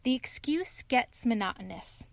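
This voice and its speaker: A woman narrating a classic storybook in a measured, even reading manner. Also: a little high, creaky, no echo.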